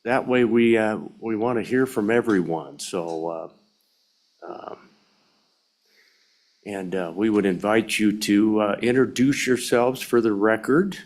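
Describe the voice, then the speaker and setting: A man's voice: on the low side, unhurried, darkish tone. A man chairing a legislative committee hearing, courteous and informal, with frequent fillers.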